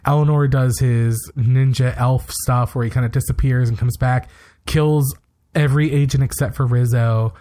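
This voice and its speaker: On a relaxed podcast, a male co-host rattles through a recap at a lively pace, throwing in blunt opinions and quick asides. His voice sits at a middle pitch for a man, and he keeps things loose and conversational.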